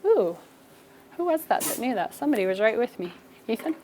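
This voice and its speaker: A woman teaching a first grade spelling lesson, giving brisk, encouraging instructions to her class. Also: fairly high pitch, big pitch swings, warm tone, a little hiss or hum.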